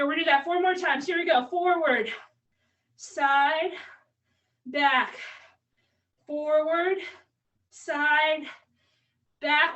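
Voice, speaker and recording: High bright woman coaching a workout. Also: distant mic, poor audio. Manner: upbeat cueing, counting down reps. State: slightly out of breath. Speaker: fitness coach. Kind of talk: live online workout instruction.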